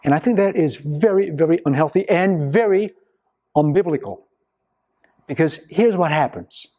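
A man preaching a sermon to his congregation in a church, slow and emphatic, with long pauses between phrases. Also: fairly high pitch, a little mellow. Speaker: pastor. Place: church sanctuary.

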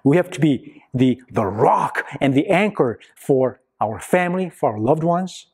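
A man preaching a sermon to his congregation in a church, slow and emphatic, with long pauses between phrases. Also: on the high side, lively intonation, darkish tone, slightly rough. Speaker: pastor. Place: church sanctuary.

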